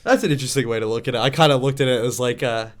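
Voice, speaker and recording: A man in casual chat as a manga discussion co-host, enthusiastic and quick to laugh. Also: mid-range voice. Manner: enthusiastic, laughing, acts out quotes.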